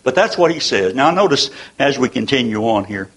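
An older man delivers a sermon in a husky, slightly rough voice. He talks in a folksy, earnest way, piling up rhetorical questions and restarting his phrases as he goes. His pitch sits in the middle range for a man. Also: very animated, brisk, few pauses, fairly bright tone, low-quality recording. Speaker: preacher.

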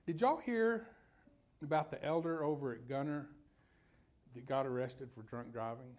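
A man's voice: medium pitch, moderate pace, darkish tone. A man preaching a sermon in a folksy, conversational way, telling personal stories and putting questions to his listeners.

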